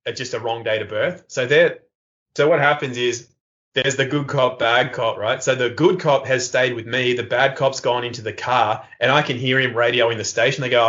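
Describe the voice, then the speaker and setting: Speaking at a moderate pace with fairly even intonation, a man with a medium, somewhat bright voice appears as a guest on a podcast. His casual interview storytelling is a rambling, comic anecdote loaded with fillers and laughter, and the podcast sound is slightly lo-fi.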